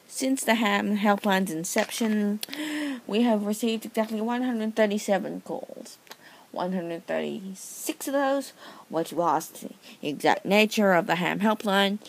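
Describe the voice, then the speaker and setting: A woman playing a deadpan helpline operator in a comedy sketch, overly polite and saying sir over and over. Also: medium pitch, a little hiss or hum, natural voice.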